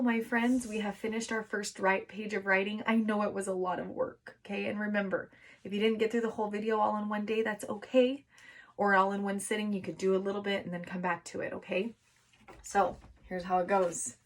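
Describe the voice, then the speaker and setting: A woman teaching young children to write, encouraging them and sounding out words slowly syllable by syllable. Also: mid-range voice, flat delivery. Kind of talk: remote phonics and writing lesson for young children.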